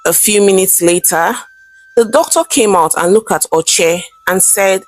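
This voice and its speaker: A woman's voice: mid-range voice, measured pace. A woman narrating a folktale in a dramatic storyteller manner. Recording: faint background music.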